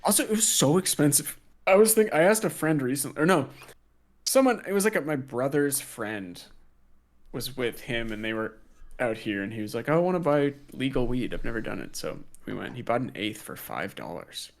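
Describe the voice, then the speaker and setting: A man's voice: mid-range voice, lively intonation, normal speed, vocal fry. A man with a Philadelphia accent co-hosting a casual live-stream chat, rambling and swearing casually as he trails off mid-thought. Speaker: co-host.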